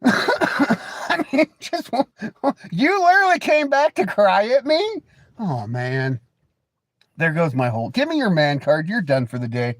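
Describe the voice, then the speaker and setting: A man hosting a casual livestream, rambling, joking, laughing often and teasing viewers with crude banter. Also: mid-range voice. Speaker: livestream host.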